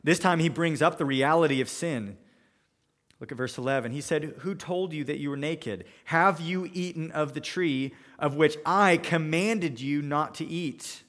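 A man's voice: a little high, fairly bright tone, long reverb tail. A man preaching a sermon, walking through scripture verse by verse and voicing the characters in his own paraphrases. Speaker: pastor.

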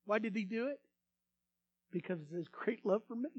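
A male pastor preaching a sermon, swinging between loud emphasis and hushed asides, leading the congregation in repeating phrases. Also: high-pitched, animated, moderate pace, highs cut off. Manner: repeats words when starting phrases.

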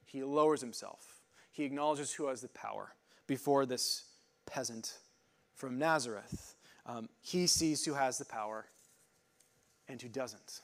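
A male pastor delivers a conversational sermon, working through scripture and word meanings. He speaks informally, stopping and restarting, leaning on fillers as he thinks aloud, in a voice of ordinary middle pitch. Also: measured pace, pauses often.

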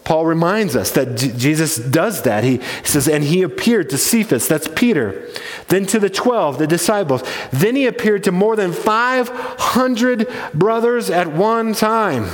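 A man preaching a sermon as pastor. He talks emphatically and slows down to stress key points. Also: high-pitched. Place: church. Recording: reverberant church hall.

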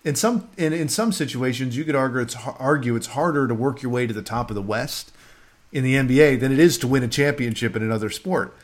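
Agreeable man co-hosting a sports show. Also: medium pitch. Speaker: sports podcast co-host. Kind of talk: casual sports talk over a video call. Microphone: video call.

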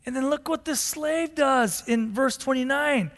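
A male pastor preaching a sermon in a church, telling the story in an animated way and acting out the characters. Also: very high-pitched, measured pace. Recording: long hall reverb.

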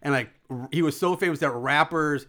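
A man with a somewhat high voice tears into a low-budget film in casual podcast chat. He rambles, starts over often and swears without holding back. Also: a little fast, sharp tone. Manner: rambling, full of "like", mocking, profane. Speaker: podcast co-host. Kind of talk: casual movie review chat.

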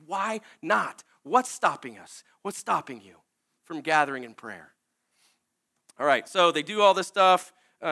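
A man's voice: sits high, pushed and bright. A man preaching a sermon, earnest and candid, at times tearful, often restarting his sentences.

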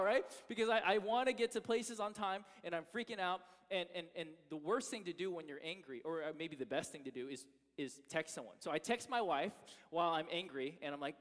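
A man preaching a sermon as pastor, telling a personal story with animated, self-mocking energy. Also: fairly high pitch, quick pace. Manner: animated storytelling, acting out his own frustration. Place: church sanctuary. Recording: long reverb of a church hall.

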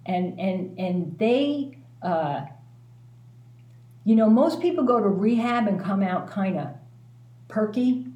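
A woman's voice: mid-range voice, slow, long pauses, muffled recording. This is a woman guest telling a personal story frankly and with self-mocking humor. She swears easily and speaks in an ordinary mid-range voice. The room gives a noticeable echo. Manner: candid, self-mocking, animated, swears freely.

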